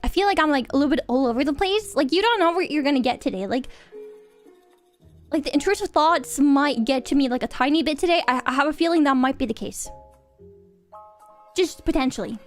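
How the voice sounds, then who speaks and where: A woman's voice: sits high, lively intonation, brisk, pauses often, soft background music. A young woman streaming, chatting casually and greeting viewers in a bubbly, giggly, rambling way. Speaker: VTuber streamer. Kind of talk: casual livestream chat.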